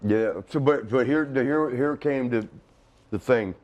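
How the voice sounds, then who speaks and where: A middle-aged man talks loosely through old road stories in a studio chat. He rambles, restarts his sentences and laughs at his own jokes, in a voice of ordinary pitch. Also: unhurried, a little mellow. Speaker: interview guest, retired wrestler. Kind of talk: casual shoot interview.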